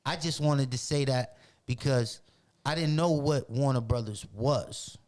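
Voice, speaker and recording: A man from Roxbury, telling animated, profane stories as a podcast guest in casual talk. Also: medium pitch, unhurried. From Roxbury, Boston. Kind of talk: casual storytelling.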